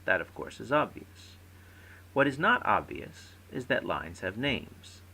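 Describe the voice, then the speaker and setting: A man giving a recorded lecture, explaining terms clearly and stressing syllables in his example words. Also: lowish voice, very animated, unhurried, pushed and bright, low-quality recording.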